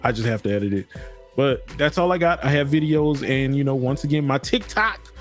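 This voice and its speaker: A man's voice: medium pitch, expressive, a little fast, soft background music. A man co-hosting a podcast, joking and laid-back, with a slangy way of talking. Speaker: podcast co-host. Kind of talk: casual chat.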